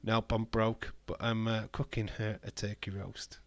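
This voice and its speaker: Man, wrestling watch-along host, unhurried delivery, dry close sound, chatty, excitable. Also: fairly low pitch, no room sound. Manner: chatty, excitable, swears casually. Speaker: livestream host.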